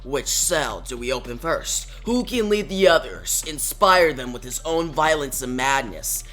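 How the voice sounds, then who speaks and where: A man reading the lines of a commanding adult male villain from a comic, in a low, measured tone. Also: expressive, pushed and bright, soft background music.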